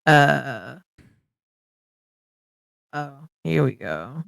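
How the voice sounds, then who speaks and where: A man's voice: medium pitch, very animated, very slow, gravelly, fairly bright tone, clean tone, no echo. A man playing a tabletop game, chatting eagerly and joking with the game master. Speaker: player. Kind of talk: casual game chat.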